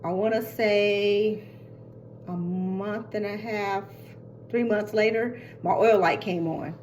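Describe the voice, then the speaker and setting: An older woman casually telling a long story, chatty and animated, acting out what others said. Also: mid-range voice, slow, slight background noise. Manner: chatty, animated retelling with quoted voices.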